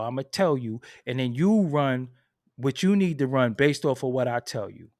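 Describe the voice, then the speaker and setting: A man from Brooklyn with a New York accent, hosting a casual commentary monologue, telling stories in an animated, profane, streetwise way. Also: mid-range voice, dry recording, clean studio sound. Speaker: channel host. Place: at home at his computer.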